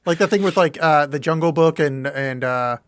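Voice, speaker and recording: A man's voice: a little high, normal speed. A man co-hosting a podcast, chatting casually, rambling and laughing as he acts out quotes. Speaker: podcast co-host. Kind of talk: casual chat.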